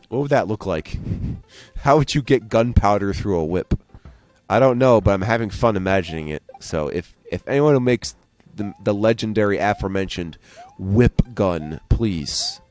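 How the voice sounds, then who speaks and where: A man's voice: deep voice, darkish tone. A man giving casual, rambling gameplay commentary as a let's play host, joking and going off on tangents.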